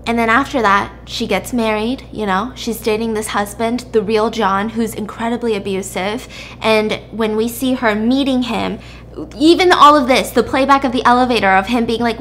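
Higher-pitched woman animatedly recapping a drama. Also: a little hiss or hum. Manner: animated storytelling with quick asides. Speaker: podcast host. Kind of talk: casual drama recap chat.

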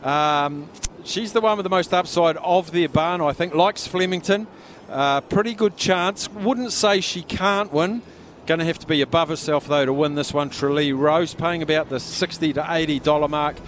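A man's voice: on the high side, moderate pace, a bit bright. An Australian man hosting a live radio call-in sweepstake from a pub, speaking up over the noise. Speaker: radio host.

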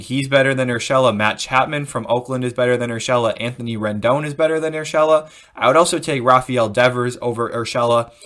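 A man's voice: medium pitch, a bit bright. A man hosting a casual sports podcast, giving opinionated commentary that rambles and restarts itself. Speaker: podcast host.

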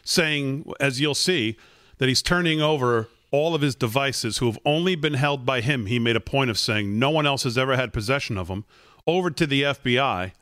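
A man's voice: mid-range voice, normal speed, fairly bright tone, dry recording, studio quality. A man hosting a political talk show, reading messages aloud and going through his points one by one. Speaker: host. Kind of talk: political commentary.

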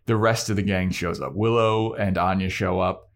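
A man's voice: low voice, steady tone, moderate pace. A young man in a casual podcast chat, telling a story animatedly, laughing often and acting out the scenes.

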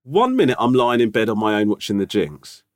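Man, forties, casual podcast storytelling, sweary, lively pitch. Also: brisk, dry recording, clean studio sound. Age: 40s. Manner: animated, exasperated, sweary storyteller. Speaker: podcast co-host.

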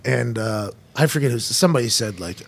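A young man hosting a podcast, telling stories in animated casual chat, laughing and acting out voices. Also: medium pitch, brisk, gravelly. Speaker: podcast host.

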